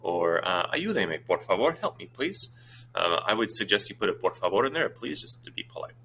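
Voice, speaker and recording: A man, a Spanish teacher talking his students through exam questions in a brisk, informal way with many fillers. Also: fairly low pitch, big pitch swings, sharp tone, slight background noise.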